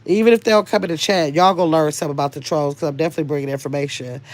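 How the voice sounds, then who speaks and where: A woman's voice: low voice, fairly even intonation, racing, a little mellow, no echo. Chatty older woman hosting a livestream. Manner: chatty, rambling, reads comments aloud. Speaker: livestream host reading chat. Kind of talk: casual livestream chat.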